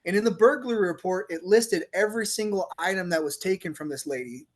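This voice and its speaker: A middle-aged man, a police officer turned author, telling a story on a podcast in a lively, laughing way and acting out the quotes. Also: high-pitched, brisk. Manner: animated storyteller, laughs often, acts out quotes. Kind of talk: casual storytelling interview.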